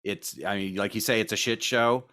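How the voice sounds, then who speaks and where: A man interviewing a guest, supportive and a little halting as he asks earnest questions. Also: lowish voice, steady tone, sharp tone.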